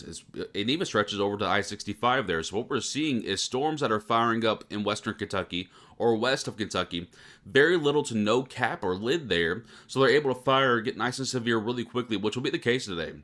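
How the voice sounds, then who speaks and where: A man forecasting the weather in live storm coverage, tired from very little sleep and talking in a fairly monotone way. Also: on the low side, brisk. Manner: self-described monotone delivery.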